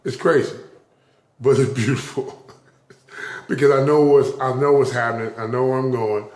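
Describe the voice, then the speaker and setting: A man with a medium-pitched, darkish voice and fairly even intonation speaks at a moderate pace in an echoey room. It's a casual spoken vlog: he rambles, repeats words in stuttered restarts, and gets openly emotional, laughing and tearing up.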